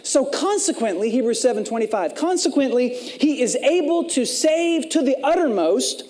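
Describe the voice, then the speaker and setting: A man preaching with a lively voice that swings widely up and down in pitch. He is an animated pastor who acts out the people he quotes and doubles back on words as he pushes his points home. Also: normal speed. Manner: repeats words when building a point. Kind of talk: sermon.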